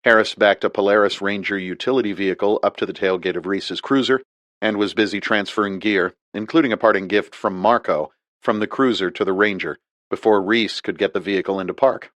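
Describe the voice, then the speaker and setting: A man narrates an audiobook with a very low voice, reading in a steady, measured way. The sound is dry and close, with no room around it. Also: no echo.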